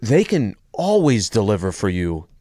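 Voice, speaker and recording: A man's voice: lowish voice, wildly swooping pitch, moderate pace, mellow, no room sound. A man co-hosting sports talk radio in a studio, easygoing, reading listener questions aloud. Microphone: studio microphone.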